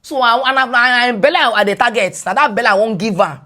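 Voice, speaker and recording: A Nigerian woman, a guest on a podcast, retelling a personal story in animated English mixed with Pidgin. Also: on the high side, quick pace.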